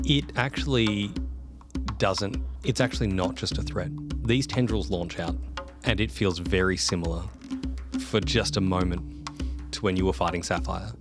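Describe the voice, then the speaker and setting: A man running a tabletop role-play as game master, describing the action vividly in a lowish voice. Faint music sits underneath. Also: moderate pace.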